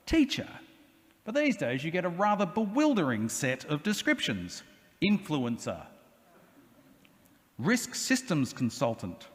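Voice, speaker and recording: A man's voice: on the high side, fairly bright tone. A man, an Anglican priest preaching a sermon with humorous asides and acted-out questions. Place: cathedral. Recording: long cathedral reverb.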